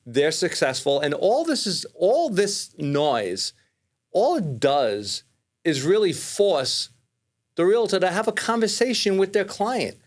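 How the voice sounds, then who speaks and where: A mortgage lender in his fifties with a New York accent talks casually as a podcast guest. He's very animated yet slow-paced, rambling with many restarts, and his pitch rises when he makes a point.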